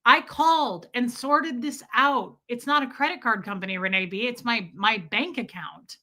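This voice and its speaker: Bright-voiced woman ranting fast. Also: a little high. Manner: fast, chatty, full of restarts and "like". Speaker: livestream host. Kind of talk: casual ranting storytelling.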